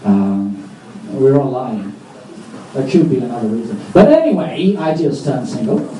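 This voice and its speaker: A man doing a live stand-up set on a comedy club stage, rambling with self-mocking, deadpan asides. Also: mid-range voice, a little slow, a little hiss or hum. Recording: echoey club, distant mic, audience.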